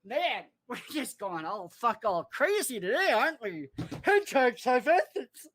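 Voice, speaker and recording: A man in a furious, profanity-laden livestream rant, cursing, threatening and mocking people in a squeaky put-on voice. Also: sing-song, unhurried, a bit bright, dry recording. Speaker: online commentator.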